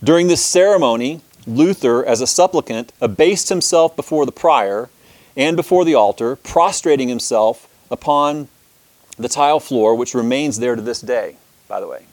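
A man's voice: mid-range voice, expressive, normal speed, darkish tone, no room sound. A man teaching a church history lesson, who talks with many restarts and fillers and reads long passages aloud.

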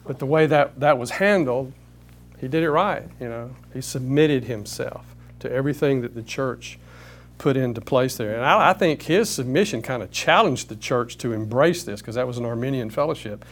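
A man's voice: medium pitch, normal speed. A man leading a Bible study, teaching emphatically with rhetorical questions.

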